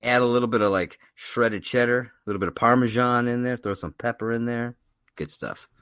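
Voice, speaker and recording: A man's voice: medium pitch, fairly quick, a bit bright, clear, resonant tone, no room sound, studio quality. A man co-hosting a casual podcast, joking and laughing often. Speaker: podcast co-host. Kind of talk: casual chat.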